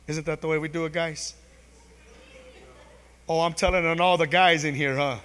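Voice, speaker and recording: A middle-aged man gives a testimony sermon in a church, his voice a touch high for a man and ringing with a long hall reverb. He tells the story loosely, restarting his phrases and filling with "you know", and briefly acts out the voices of the people in it. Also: brisk, fairly bright tone, a little hiss or hum. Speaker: preacher.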